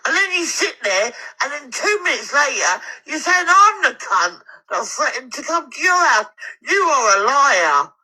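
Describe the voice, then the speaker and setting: A woman rants angrily on a live stream, furious, swearing heavily, and close to tears at times. Her voice sits high and sing-song with a sharp tone, a little slow, on a rough recording.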